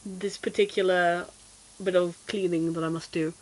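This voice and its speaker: A young British woman chatting casually while streaming a game, self-deprecating and quick to giggle and exclaim. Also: on the low side, fairly even intonation, darkish tone, poor audio. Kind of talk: casual gameplay chat.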